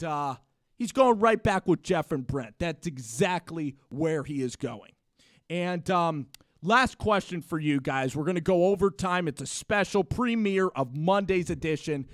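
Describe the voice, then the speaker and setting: A man co-hosting a live sports talk show, ranting excitedly in rambling bursts with frequent restarts. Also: fairly high pitch, no room sound, clean studio sound. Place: home studio, live stream.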